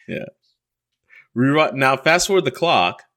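A man hosting a podcast, telling a story in animated casual chat and laughing often. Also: medium pitch, measured pace. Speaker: podcast host.

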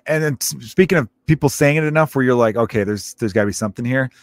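In a mid-range voice with no room sound, a thirtysomething podcast host talks fast through a casual monologue of stories. He swears, wanders, and frequently breaks off partway through sentences.

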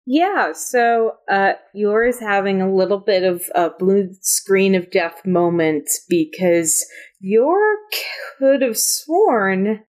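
A woman's voice: medium pitch, lively intonation, takes it slowly, a little mellow. A woman narrating a tabletop game as game master, hesitant and full of fillers.

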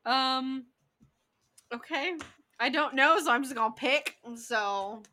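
A woman's voice: sits high, takes it slowly, sharp tone. A woman in her thirties co-hosting a casual game chat, giggly and self-mocking. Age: 30s. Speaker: co-host.

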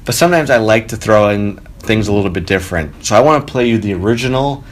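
A man hosting his own podcast from a home studio, telling a story casually, animated and swearing freely. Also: fairly low pitch, fast. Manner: animated, swearing, quotes people with raised voice. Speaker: podcast host. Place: spare bedroom home studio. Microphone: home studio mic.

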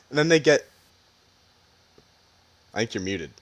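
Male co-host, mid-pitched, expressive, giggly retelling of scenes. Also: no echo. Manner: laughs often, retells scenes with quoted lines. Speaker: podcast co-host. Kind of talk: casual chat.

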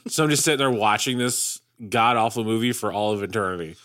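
Man, podcast co-host, dry wit, bright voice. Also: lowish voice, quick pace. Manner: dry, sardonic quips. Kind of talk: casual film podcast banter.

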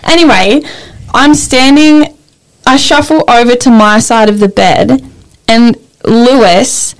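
A young woman co-hosting a podcast, telling a story in casual chat, animated and full of fillers. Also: fairly high pitch, takes it slowly, rough recording. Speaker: podcast co-host.

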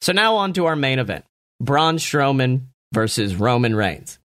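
A young man casually reviewing a wrestling show, excitable and profane, often acting out what the wrestlers say. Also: medium pitch, normal speed, no echo, studio quality. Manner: profane, excitable, acts out quotes.

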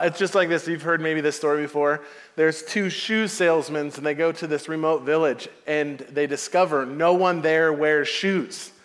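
Casual storytelling pastor in a hall. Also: male voice, on the high side, fairly bright tone. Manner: casual, storytelling, laughs often. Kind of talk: sermon. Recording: long hall reverb.

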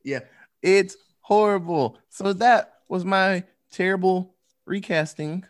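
A man's voice: sits high, slow. A man hosting a casual online chat, retelling a movie plot between giggles and teasing jabs at his friends.

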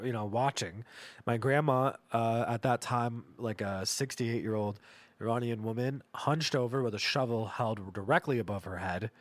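A man's voice: mid-range voice, no room sound. A man hosting a comedy podcast, telling rambling, profane stories about his family. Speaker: podcast host. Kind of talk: comedic storytelling monologue.

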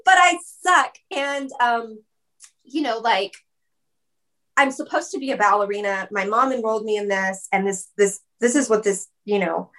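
A woman in a casual interview, telling her story in a loose, chatty flow. Her voice sits at an ordinary middle pitch, and she scatters "like" through her sentences and breaks into quick laughs. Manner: chatty, fillers of "like", laughs often. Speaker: guest.

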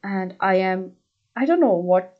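A woman's voice: mid-range voice, lively intonation, unhurried, muffled recording. A woman hosting a podcast, recapping a book in casual chat, often hesitating, checking in with "okay?" and spelling out explicit words as she reads quotes. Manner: chatty, hesitant, frequent "okay?" check-ins. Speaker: podcast host.

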